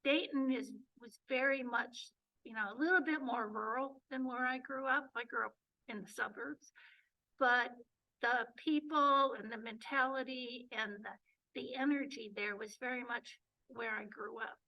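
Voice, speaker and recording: A woman from the Detroit area giving a chatty club presentation full of fillers, her voice going hoarse, recorded from a distance in a meeting room. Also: fairly high pitch, measured pace, highs cut off. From Detroit area, Michigan. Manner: chatty, many fillers and restarts. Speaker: presenter and journey coordinator. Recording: voice picked up from a distance.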